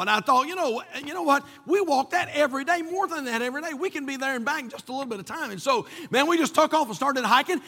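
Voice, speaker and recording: A bright, high-pitched man preaching in a church. He tells a folksy story, restarting and repeating himself often. His voice rings out with a long hall reverb behind it. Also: fast talker, few pauses. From North Carolina. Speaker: pastor. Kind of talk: sermon with a personal story.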